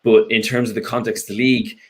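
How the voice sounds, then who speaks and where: A man with an Irish accent and a slightly low voice talks through a match in relaxed, unscripted chat. He is frank and rambling, filling his pauses with ums and restarting his sentences. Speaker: fan guest. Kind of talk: casual post-match chat.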